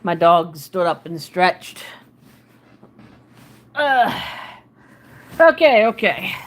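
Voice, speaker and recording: A woman's voice: on the low side, very animated, slow, pauses often. A woman chatting casually on a live stream from her home, muttering to herself as she searches a map, talking into a handheld phone. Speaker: livestreamer. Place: at home, indoors.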